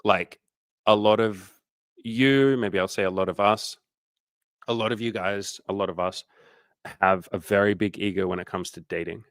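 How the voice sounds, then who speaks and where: A man's voice: fairly low pitch, fairly even intonation, normal speed, clear, resonant tone, no echo. A man working as a dating coach, answering questions on a casual livestream in a candid, loose way, swearing freely and using lots of fillers.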